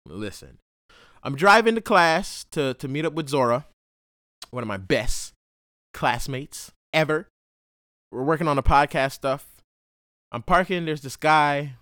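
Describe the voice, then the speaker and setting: A man's voice: medium pitch, a bit bright, smooth, no room sound, clean studio sound. A young man hosting a podcast, telling stories casually in slangy, profane talk. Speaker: podcast host and college student. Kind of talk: casual storytelling monologue.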